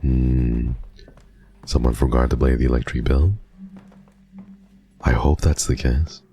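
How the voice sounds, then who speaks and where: A man's voice: extremely low pitch, fairly even intonation, slow pace, warm tone, soft background music. A man streaming a horror game, chatting playfully to his viewers at a desk mic. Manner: playful, teasing, talks to chat. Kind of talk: casual game commentary.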